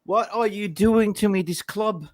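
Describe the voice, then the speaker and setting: A man hosting a football fan channel, ranting with excited emotion. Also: high-pitched, unhurried, no echo, studio quality.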